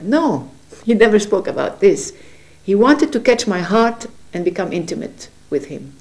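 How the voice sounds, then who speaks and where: A woman giving an earnest, gentle spiritual testimony at her home, sometimes searching for words as she speaks. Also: mid-range voice, sing-song, normal speed, few pauses. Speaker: religious speaker. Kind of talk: personal spiritual testimony to camera.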